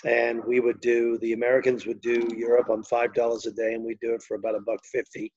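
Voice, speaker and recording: A man's voice: medium pitch, little pitch movement, fast, darkish tone, highs cut off. An older man from England with a Liverpool accent, telling long, rambling anecdotes with many fillers as an interview guest. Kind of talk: storytelling interview.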